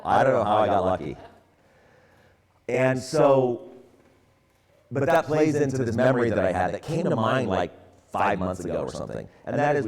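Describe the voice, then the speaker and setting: A man in his sixties from the San Francisco area gives a relaxed, storytelling church talk, full of casual fillers. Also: lowish voice. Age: 60s. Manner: relaxed, conversational, many fillers. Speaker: church ministry speaker.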